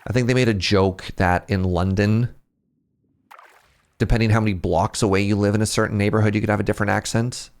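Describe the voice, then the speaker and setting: Streaming a fishing game, a man with a Canadian Pacific Northwest accent chats casually with his viewers, rambling and laughing often. His voice is fairly low and steady, clean in tone, and fairly quick.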